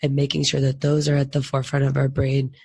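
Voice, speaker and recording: Hoarse, gravelly-voiced sick woman. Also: extremely low pitch, completely flat delivery, fast, darkish tone. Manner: reflective, self-deprecating. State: hoarse from illness. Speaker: podcast co-host. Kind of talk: casual chat.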